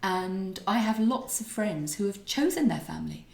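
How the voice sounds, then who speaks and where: A woman's voice: medium pitch, animated, moderate pace, vocal fry, roomy sound. A middle-aged woman co-hosting a podcast, chatting and telling stories with lots of restarts. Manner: chatty, warm storytelling with restarts. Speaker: podcast co-host and author. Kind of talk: casual chat. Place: kitchen.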